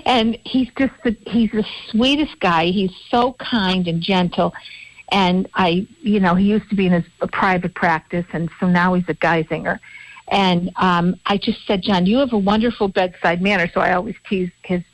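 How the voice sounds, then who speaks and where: A woman's voice: medium pitch, moderate pace, dry recording. A woman co-hosting a local radio talk show, chatting in a rambling way and restarting her sentences as she goes. The recording is dry and a bit dull, like studio audio sent out over the radio. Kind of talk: casual radio chat.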